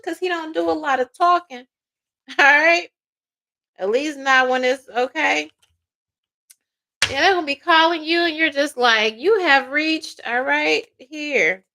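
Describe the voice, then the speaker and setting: A woman giving a casual tarot reading, loud, profane and laughing often, slipping into playful quoted voices. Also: on the high side. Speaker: tarot reader.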